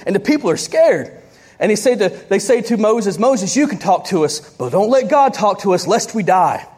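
A woman preaching a sermon to a congregation, telling stories with lively asides and quick laughs. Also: mid-range voice, slightly rough.

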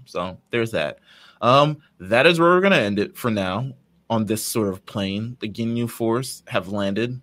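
A man co-hosting a casual fan podcast, laid-back and quick to laugh as he retells scenes. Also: fairly low pitch, expressive, a bit bright. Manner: laid-back, laughs often, acts out characters' lines. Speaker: podcast co-host.

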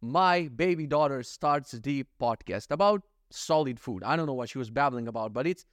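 A man's voice: mid-range voice, lively intonation, normal speed, no room sound, clean studio sound. A man hosting a casual solo podcast, rambling and joking, swearing freely and acting out little scenes. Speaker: podcast host.

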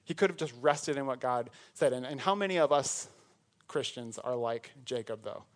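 A man's voice: medium pitch, normal speed. A man preaching a sermon in a conversational way, breaking off into joking asides. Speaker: pastor.

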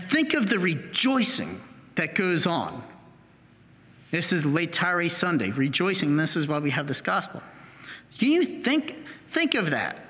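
Priest, male, high bright voice, animated homily, church reverb. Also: normal speed. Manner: animated storytelling, acting out the healed man's voice. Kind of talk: sermon.

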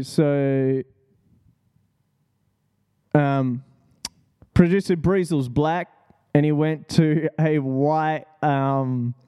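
Slow, mellow-voiced man. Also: medium pitch, smooth. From Australia. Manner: laid-back, profane, rambling with fillers and laughs. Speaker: podcast host. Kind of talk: casual solo podcast talk.

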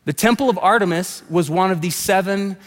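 A man's voice: high-pitched, brisk. A male pastor preaching a sermon in a loose, conversational way, with frequent restarts and asides, in a large church sanctuary. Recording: long reverb of a large hall.

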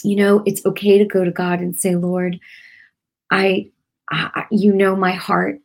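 A woman's voice: mid-range voice, flat delivery, a little slow, gravelly, a little mellow. A middle-aged woman teaching prayer in an earnest, conversational way, repeating herself and using many fillers. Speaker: Christian teacher. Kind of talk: informal devotional teaching.

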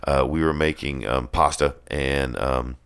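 A man with an extremely low, rumbling voice talks casually. He rambles with many ums and restarts and swears freely as he chats. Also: fairly even intonation, measured pace, fairly bright tone, clean tone. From Tennessee. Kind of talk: casual chat.

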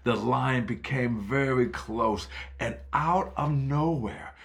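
A man narrating a children's story in an animated, dramatic way. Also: mid-range voice, slow, creaky, soft background music.

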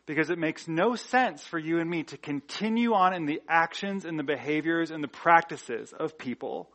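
Male pastor, relaxed conversational preaching, lots of "like" and restarts, a touch higher-pitched. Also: moderate pace. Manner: conversational, frequent "like" fillers and restarts, rhetorical questions. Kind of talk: sermon.

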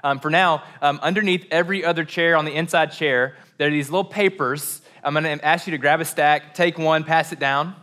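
Man, fairly high, bright voice, relaxed pastor giving simple instructions. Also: brisk, hardly any pauses. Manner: relaxed, direct instructions with "um" fillers. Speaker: pastor leading the gathering. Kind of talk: giving instructions at a church service.

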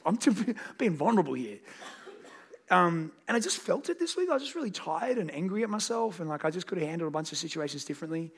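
A man's voice: high-pitched, animated, fast talker, creaky, slightly rough. A man in his thirties preaching a sermon as a pastor, conversational and candid, rising to emphatic peaks on key points. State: tired.

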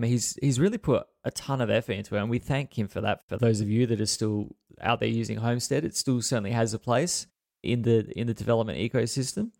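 An Australian man co-hosting a casual tech podcast, relaxed and easygoing, thanking contributors as he goes through the news. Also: mid-range voice, gravelly, dry recording, clean studio sound. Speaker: podcast co-host.

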